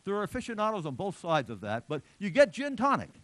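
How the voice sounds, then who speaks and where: Chatty guy giving a talk, kinda high voice, lots of jokey side comments. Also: wildly swooping pitch, fast. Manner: chatty, digressive, joking asides. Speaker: lecturer. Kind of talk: public lecture.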